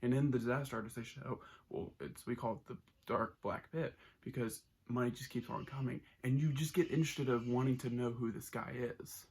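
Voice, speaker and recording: A man's voice: mid-range voice, steady tone, brisk, few pauses, a little mellow, slightly rough. A man giving a casual, enthusiastic spoken movie review, rambling with many restarts.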